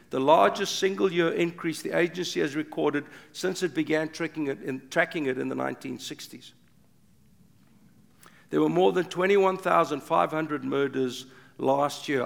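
An older man preaching an impassioned sermon, swinging from loud urgent bursts to hushed low passages. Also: creaky. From South Africa. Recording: long reverb of a big hall.

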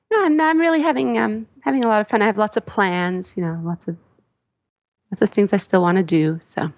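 A woman chatting casually on a gaming podcast, talkative and quick to laugh. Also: medium pitch, dry recording. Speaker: podcast co-host. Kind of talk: casual chat.

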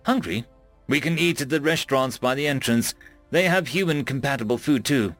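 A man's voice: mid-range voice, a little fast, a bit bright, no room sound, soft background music, natural voice. A man voicing a friendly, curious female alien roommate who teases and asks questions in a storybook reading.

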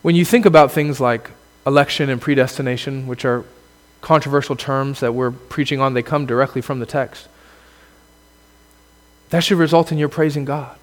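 A man preaching a sermon as a pastor, earnest, building to emphatic exclamations and then dropping low. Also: moderate pace, long reverb tail.

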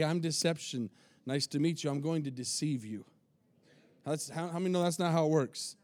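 A man's voice: sits high, a little mellow, no room sound, clean studio sound. A man, a lead pastor, preaching a folksy sermon and calling for responses from his congregation in a tin-roofed church.

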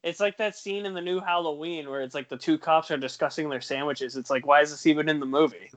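A man co-hosting a casual movie podcast, chiming in with relaxed comments. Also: a little high, fast. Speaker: co-host. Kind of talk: casual chat.

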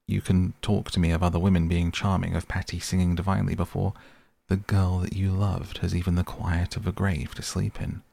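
A man's voice: deep voice, level tone, fairly quick, vocal fry, darkish tone, no echo. A man voicing an older male painter who speaks in an anguished, reproachful, pleading way.

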